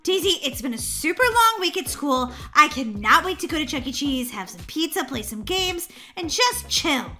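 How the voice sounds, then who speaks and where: A woman voicing Molly, a young girl who is excitable, jumpy and easily spooked, in a roleplay story. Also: high voice, normal speed, hardly any pauses, over music. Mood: relaxed. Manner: excitable, shrieks when scared.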